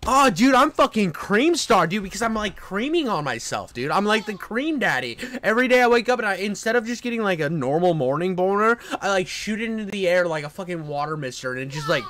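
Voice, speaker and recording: A young man streaming live, reacting in crude, excitable rambling commentary full of swearing. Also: high-pitched, brisk, few pauses. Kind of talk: casual livestream commentary.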